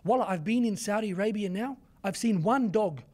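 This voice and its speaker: A young man, telling animated stories as an interview guest and mixing in Arabic words. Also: sits high, a little fast. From Australia. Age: 20s. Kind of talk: casual interview chat.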